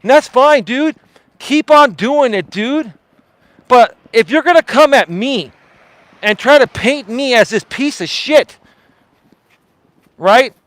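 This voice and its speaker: A man hosting a live stream, delivering a confrontational, profane rant with emphatic repetition and a loudly projected voice. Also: extremely high pitch, lively intonation, slow, long pauses, no echo, rough recording.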